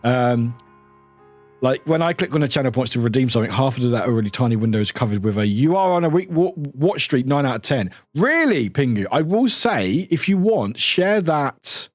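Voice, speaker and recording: A man chatting casually on a live stream. His talk rambles and his pitch swings widely, with offhand swearing and frequent laughter. Faint music sits behind him. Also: very animated, moderate pace, dry recording. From United Kingdom. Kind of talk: casual chat while gaming live.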